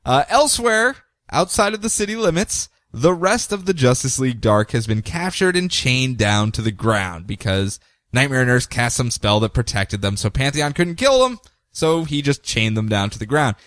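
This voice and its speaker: A man of ordinary pitch chatting casually as a podcast co-host, walking through a comics story with lively energy. His voice sits close and dry on the mic, with no room sound around it. He keeps the talk loose and conversational. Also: no room sound. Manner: animated, acts out characters' lines in quick voices. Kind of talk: casual chat.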